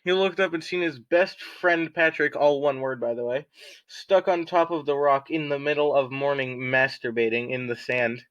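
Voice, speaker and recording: A man's voice: mid-range voice, steady tone, moderate pace, fairly bright tone, highs cut off. A young man casually reading a story aloud with friends, joking and giggling.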